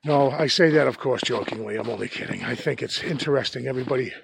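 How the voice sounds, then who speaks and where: Gravelly Boston-accented man hiking outdoors. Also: medium pitch, fast, background noise. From New England. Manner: chatty, rambling, joking. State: slightly winded from hiking. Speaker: hiking vlogger. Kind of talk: casual walk-and-talk vlog. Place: snowy forest outdoors.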